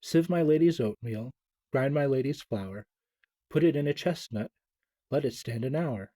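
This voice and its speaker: A man's voice: expressive, normal speed, dry recording, close to an everyday voice. A man voicing a chorus of tiny cheeky mice, reading their rhymes in a raised, sing-song way. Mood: merry. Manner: sing-song, higher and louder.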